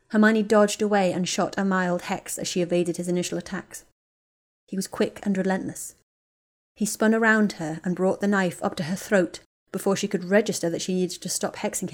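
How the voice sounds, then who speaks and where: A woman reading a fan fiction chapter aloud as an audiobook narrator, in a steady, even-paced way. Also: lowish voice. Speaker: audiobook reader.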